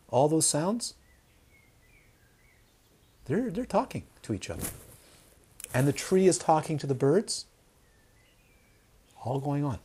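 A man teaching Dharma to an audience, his husky voice swinging widely in pitch. He asks his listeners rhetorical questions and keeps the talk lively and conversational. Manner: animated, asks rhetorical questions, acts out crying babies.

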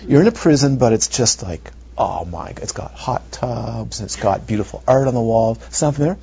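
A male meditation teacher giving a dharma talk, animated and rhetorical, sometimes dropping to near whispers, on a muffled recording. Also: medium pitch, normal speed, gravelly, husky. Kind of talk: dharma talk to retreat students. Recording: muffled lo-fi recording with faint noise.

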